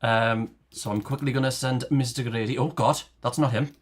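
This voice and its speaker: Geordie man, excitable word expert on a video call, laughs a lot. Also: mid-range voice, normal speed. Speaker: lexicographer on a quiz show. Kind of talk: casual chat on a call.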